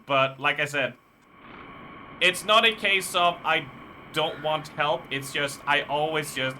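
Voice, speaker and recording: A man with a fairly high, very bright and sharp voice chats casually on a live stream. He tells long, rambling stories and swears freely. His delivery is loose and conversational. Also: slight background noise. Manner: rambling, profane storytelling.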